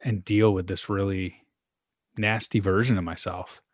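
A man with a very low, deep voice, telling candid personal stories in relaxed podcast conversation. His voice sounds dry and close to the mic. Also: unhurried, dry recording. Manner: candid, storytelling. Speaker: podcast co-host. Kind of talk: casual conversation.

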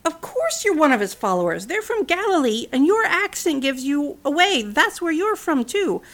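A scornful bystander talks in a knowing, pointed way in a storybook, as a woman puts him on. The voice sits high with a gravelly edge. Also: sing-song, normal speed, a bit bright, exaggerated voice.

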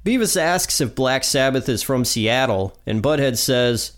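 A man's voice: medium pitch, animated, a little slow. A man hosting a podcast, retelling an episode in a plain narrating manner. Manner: plain retelling with quoted lines. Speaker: podcast host.

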